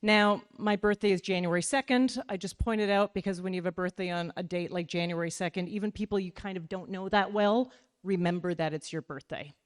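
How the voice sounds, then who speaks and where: A woman's voice: lowish voice, fairly even intonation, brisk. A woman from Calgary, Canada, telling a self-deprecating comic story on stage to a live audience and acting out the dialogue.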